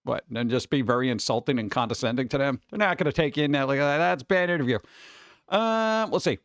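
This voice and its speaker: A man hosting a casual livestream, chatting with viewers in a jokey, excitable way, with sudden exclamations. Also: medium pitch, fast, dry recording, highs cut off. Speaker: livestream host.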